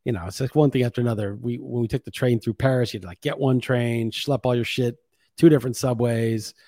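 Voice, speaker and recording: Profane ranting podcast host, dry mic. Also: male voice, medium pitch, fairly even intonation, fast talker, dark tone, no echo. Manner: rambling, profane venting. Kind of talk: casual monologue.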